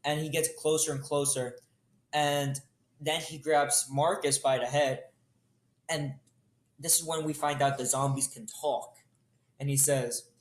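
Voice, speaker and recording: A young man improvising a story casually, rambling with quick jokes and asides. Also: fairly high pitch, little pitch movement. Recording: roomy echo.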